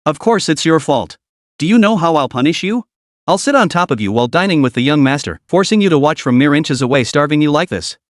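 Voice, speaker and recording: Man doing a domineering female sect leader, jealous, cold, sneering, lively pitch, dry sound. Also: brisk, dry recording, lightly acted.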